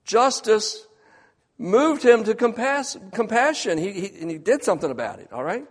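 A man preaching a sermon, swinging between hushed, quiet passages and loud, emphatic ones. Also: high voice, very animated, normal speed, breathy edge, big-room sound.

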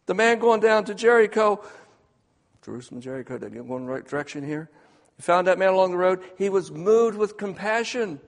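Emphatic preacher with a hall echo. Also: male voice, sits high. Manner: swings from hushed to loud, emphatic preaching. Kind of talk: sermon.

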